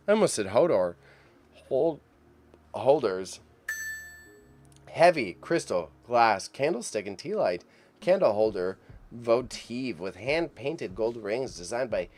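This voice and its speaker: A chatty man hosts a live stream, his nose stuffed up and congested, with a middle-of-the-road pitch. He rambles and laughs as he goes, tripping over hard names. Faint music plays behind him. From Canada. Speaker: live stream host reacting to an auction. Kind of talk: casual live stream commentary.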